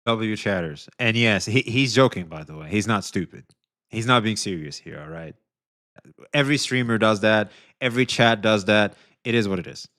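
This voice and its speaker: A man's voice: fairly low pitch, normal speed, a bit bright. A man giving casual, laid-back reaction commentary as a streamer. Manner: laid-back, reassuring, chatty.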